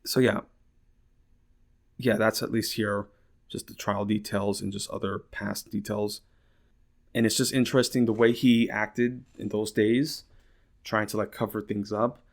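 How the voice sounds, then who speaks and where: A man's voice: lowish voice, flat delivery, measured pace, vocal fry, pauses often. A man hosting a casual political podcast, rambling with lots of filler words, swearing and incredulous laughter. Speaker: podcast host.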